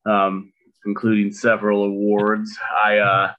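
Bright-voiced middle-aged man, dry jokes. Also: fairly low pitch, monotone, unhurried, muffled recording. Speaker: podcast co-host. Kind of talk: casual chat.

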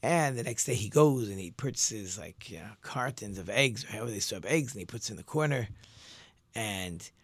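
A man's voice: lowish voice, lively intonation, a little fast, fairly bright tone, husky, no room sound. A man, a rabbi hosting a talk show, telling a story animatedly with frequent restarts. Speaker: rabbi and radio show host.

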